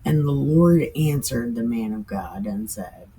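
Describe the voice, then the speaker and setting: A woman's voice: a bass voice, expressive, mellow, slight background noise, poor audio. A woman casually reading the Bible aloud and commenting on it in an irreverent, chatty way, laughing often and swearing now and then. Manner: drawn-out, emphatic sign-off sayings.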